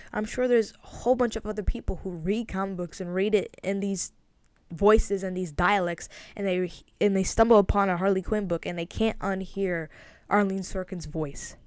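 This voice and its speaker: A woman's voice: medium pitch, steady tone, normal speed, clean tone, dry recording, studio quality. A woman hosting a casual solo podcast, talking in an earnest, fan-like way with many restarts and fillers. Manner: rambling, frequent restarts and fillers. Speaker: podcast host.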